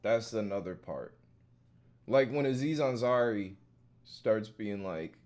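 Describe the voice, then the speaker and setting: A man's voice: on the low side, a little slow. A man streaming casually, reacting to a video in loose slangy talk full of fillers and laughs. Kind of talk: casual chat.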